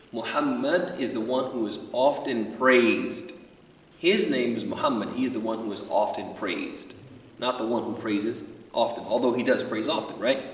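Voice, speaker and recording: A man teaching an evening study circle lesson, explaining patiently and often checking with his listeners through rhetorical questions. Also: medium pitch. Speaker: religious studies teacher. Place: large community center hall. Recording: echoey hall, voice from far off.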